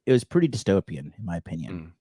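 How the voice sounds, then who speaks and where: A man co-hosting a casual podcast, telling a story with lots of swearing and animated retelling. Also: deep voice, fast talker, slightly rough, no echo, clean studio sound. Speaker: podcast co-host. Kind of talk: casual chat.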